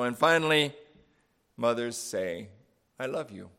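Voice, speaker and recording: A man preaching a sermon online, praying, then reading a long list in a measured, plain way with a few fillers. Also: medium pitch, fairly bright tone. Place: home, streamed online.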